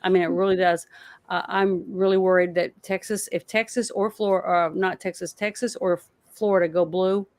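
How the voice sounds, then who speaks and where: A woman's voice: on the low side, flat delivery, darkish tone, no room sound. A woman co-hosting a political podcast, ranting in heated, swearing bursts. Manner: fired-up, swearing, rapid bursts of anger. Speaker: co-host.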